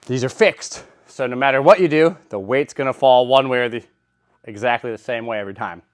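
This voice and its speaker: A man's voice: medium pitch, a little fast, dry recording, clean studio sound. A man in a gym, out of breath between sets, puffing as he casually explains how he uses a training machine. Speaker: fitness vlogger. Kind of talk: casual workout demonstration.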